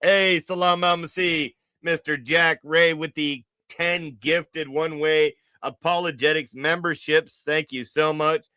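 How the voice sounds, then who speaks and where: A man's voice: a little high, steady tone, pushed and bright, clean tone, no room sound, clean studio sound. A man hosting a livestream, giving casual mocking reaction commentary and teasing with repeated jokes. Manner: teasing, joking, drawn-out repetition. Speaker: livestream host.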